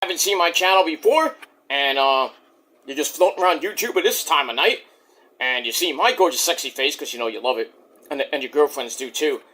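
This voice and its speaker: Brash high-voiced man doing a channel spiel. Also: animated, a little fast, pushed and bright. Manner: brash, boastful, rambling. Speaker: YouTuber.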